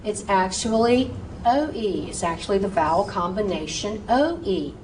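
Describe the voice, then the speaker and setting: A woman's voice: mid-range voice, moderate pace. Woman lecturer, spells stuff out letter by letter, super patient, roomy echo, noisy in the back. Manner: patient, spells words letter by letter and repeats pronunciations. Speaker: medical terminology instructor. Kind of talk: recorded classroom lecture. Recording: echoey room, mic far off, steady noise.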